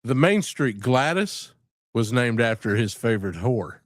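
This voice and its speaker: A man's voice: mid-range voice, sing-song, unhurried, no room sound, clean studio sound. A man hosting a casual live stream, rambling and joking with frequent laughter. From southern United States.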